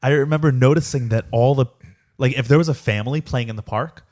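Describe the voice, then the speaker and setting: A man's voice: medium pitch, fast, darkish tone. A man co-hosting a podcast in casual chat, joking around and slipping into silly put-on accents. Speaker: podcast co-host.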